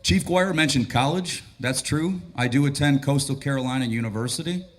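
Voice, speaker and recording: A battalion chief of training with a raspy, hoarse voice, giving a relaxed, joking and grateful speech at a graduation ceremony. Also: male voice, medium pitch, fairly quick. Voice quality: raspy, losing his voice.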